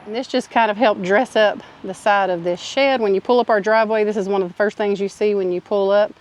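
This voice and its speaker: Lady vlogging in her yard, chatty and excited, a bit breathless sometimes. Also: medium pitch, fairly quick. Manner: chatty, enthusiastic, folksy. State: out of breath at times. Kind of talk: casual chat while gardening. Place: outdoors in a yard.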